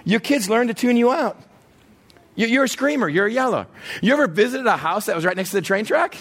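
A man preaching a sermon in an animated way, acting out everyday scenes with humor and asking the audience direct questions. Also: sits high, a little fast. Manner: talks straight to the audience with questions. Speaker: pastor.

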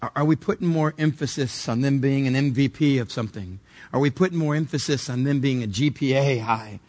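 Guy preaching a sermon, chatty but punchy, keeps asking the crowd questions, middle-pitched voice. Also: a little fast, darkish tone. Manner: conversational, emphatic preaching with direct questions. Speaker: pastor.

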